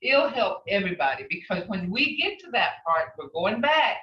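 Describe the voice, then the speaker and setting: A woman teaching an online language class, talking slowly and patiently and repeating phrases for practice. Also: mid-range voice, very animated, a little hiss or hum. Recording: roomy, distant, dull lo-fi sound.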